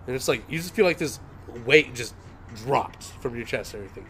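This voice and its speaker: A young male podcast host chatting casually, rambling through a story with a steady stream of "and everything". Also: medium pitch, fast. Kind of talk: casual chat.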